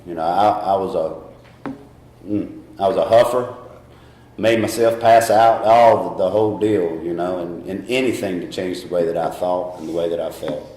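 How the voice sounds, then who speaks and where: A man's voice: low voice, normal speed, warm tone, reverberant. A middle-aged man with a Southern US accent gives a candid, rambling personal testimony at a recovery meeting, often laughing at himself.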